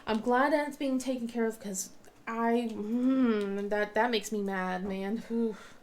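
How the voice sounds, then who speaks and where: A woman's voice: fairly high pitch, fairly even intonation, a little slow, a little mellow, slight background noise. A woman in her thirties chatting casually while she crafts, rambling with many restarts and sore-mouthed. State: mouth in pain. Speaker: vlogger and crafter.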